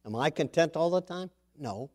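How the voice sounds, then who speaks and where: Folksy, animated male pastor. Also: fairly high pitch, normal speed. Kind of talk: sermon with a joke story.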